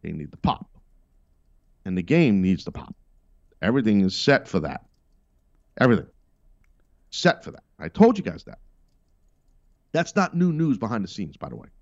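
A man's voice: fairly low pitch, darkish tone, no room sound, dull audio. A middle-aged man hosting a podcast, giving blunt, emphatic wrestling commentary with profane, sarcastic asides. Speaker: podcast host.

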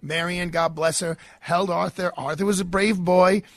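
A man's voice: high voice, steady tone, moderate pace, a bit bright, dry recording. A middle-aged man hosting a radio talk show, telling stories in a chatty, rambling way into a studio mic. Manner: chatty storytelling with fillers and restarts. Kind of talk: casual radio monologue. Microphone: studio microphone.

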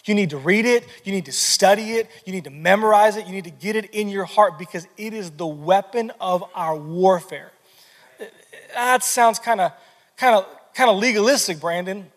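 Male pastor, 30s, high voice, lively conversational sermon, long hall reverb. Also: normal speed. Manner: energetic, conversational preaching with many repeated words.

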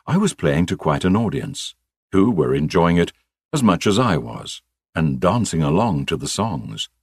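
A man's voice: low voice, husky, dry recording. A man, a former radio broadcaster telling wry stories from his career. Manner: wry, dry humour. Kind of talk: memoir storytelling.

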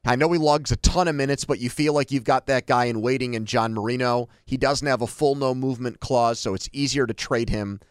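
A man's voice: medium pitch, fairly quick, few pauses, clear, resonant tone, dry recording, clean studio sound. A man co-hosting a sports talk show, giving strong opinions in casual debate with frequent restarts.

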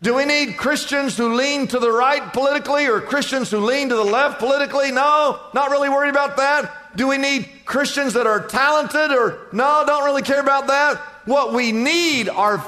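An older male pastor preaches with a high, ringing voice. He drives his points home with emphatic repetition and rhetorical questions. The sound carries a long hall reverb. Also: normal speed, hardly any pauses, bright, forceful tone. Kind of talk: sermon.

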